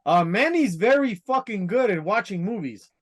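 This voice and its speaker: Laid-back man, casual podcast chat, high voice. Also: lively intonation, moderate pace, crowd noise. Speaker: podcast co-host.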